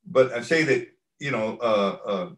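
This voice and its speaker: A man's voice: mid-range voice, lively intonation, unhurried, echoey room, rough recording. A man in an interview telling a long story at an easygoing ramble, acting out what people said. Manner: rambling anecdotal delivery, acts out quoted lines. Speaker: stunt coordinator, interview guest.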